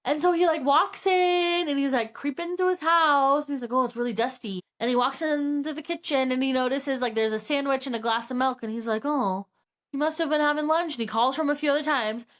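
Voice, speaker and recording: High-voiced young woman recapping a thriller. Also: fairly quick, few pauses. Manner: animated, acts out characters' lines, swears casually. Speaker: podcast co-host. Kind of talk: casual book recap chat.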